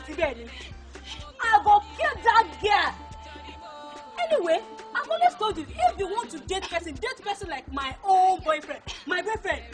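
Excitable high-voiced Nigerian woman. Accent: Nigerian Pidgin English. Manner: loud, excitable, mixing Pidgin and English. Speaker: comic skit character. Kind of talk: comedy skit.

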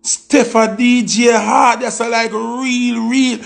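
A Jamaican man gives excitable music reaction commentary, cursing freely as he talks. His voice sits high with a gravelly edge. He speaks at an unhurried pace. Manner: excitable, exclamatory, swears freely.

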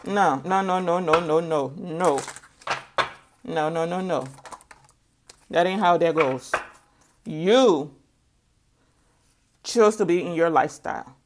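A woman's voice: on the low side, unhurried, long pauses, background noise. A woman giving a tarot reading, talking emphatically and scolding, repeating words over and over for stress. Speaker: tarot reader.

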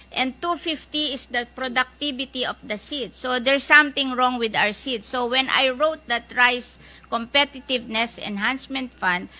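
Insistent Filipino woman, bright and high. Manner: firm, insistent, defends her record with figures. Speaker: senator. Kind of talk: debate.

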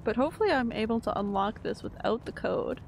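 A woman streams a video game, chatting casually, giggling a lot and reading her chat aloud to answer it. Her slightly high voice is animated, fairly quick and creaky, with a little background noise.

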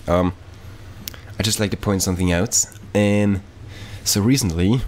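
A man's voice: low-pitched, a little hiss or hum. A man giving casual, rambling let's-play commentary, swearing freely and talking offhandedly as he plays. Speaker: gaming YouTuber.

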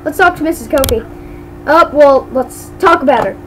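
A woman's voice: sits high, normal speed, fairly bright tone, a little hiss or hum, poor audio. A woman giving casual commentary while playing a game, chatty and giggly, tripping over her words. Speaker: gamer.

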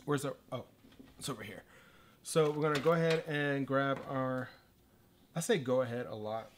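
Man, mid-pitch, chatty and self-deprecating, livestream build chat, faint hiss and clicks behind. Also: moderate pace. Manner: rambling, self-deprecating, easily distracted. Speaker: livestreaming artist.

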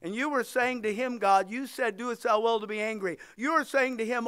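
A man's voice: very high-pitched, steady tone, moderate pace, hardly any pauses, bright, forceful tone, clean tone, no room sound, studio quality. A male pastor preaching a sermon and leading a closing prayer, impassioned and emphatic, repeating phrases for weight and quoting scripture.

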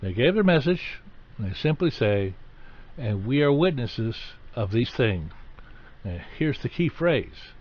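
A man's voice: medium pitch, very animated, unhurried. A man preaching a sermon, teaching in a conversational way and rising to stress key points. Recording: slightly dull, lo-fi recording.

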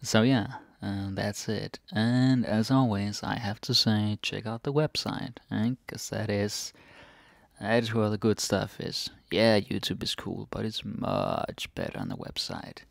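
A man with a Danish accent teaching a relaxed vocabulary lesson, repeating each word and tagging lines with a questioning "eh?". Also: lowish voice, gravelly, dry recording, studio quality. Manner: relaxed, repeats words slowly, tags sentences with "eh?".

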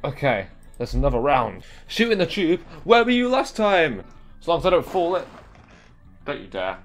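A man's voice: on the high side, sing-song, moderate pace. A young man giving live gameplay commentary, exasperated and talking back at the game. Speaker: gaming video creator.

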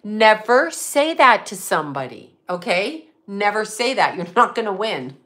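A woman's voice: mid-range voice, sing-song, unhurried, a bit bright. A middle-aged woman, a psychic medium, ranting in casual livestream chat, swearing and laughing often. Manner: profane, ranting and laughing a lot.

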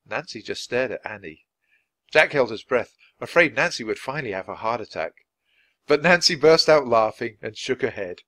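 Expressive man reading a storybook. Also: medium pitch, moderate pace, dry recording. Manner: expressive, clear, natural pace. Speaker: storybook reader. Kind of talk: reading a children's book aloud.

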